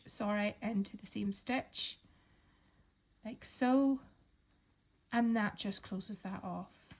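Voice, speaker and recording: A woman calmly talking learners through a crochet pattern step by step, counting stitches aloud and reassuring them. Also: mid-range voice, takes it slowly. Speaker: crochet instructor. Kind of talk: step-by-step craft tutorial.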